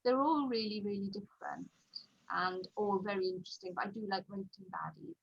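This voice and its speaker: A woman with a Welsh lilt tells stories animatedly, with plenty of ums and you-knows. Her voice is mid-pitched, and the remote recording sounds dry and slightly muffled. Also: fairly quick, gravelly, slightly rough, no echo. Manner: animated, chatty storytelling with many fillers. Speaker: children's author guest. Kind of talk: casual podcast chat.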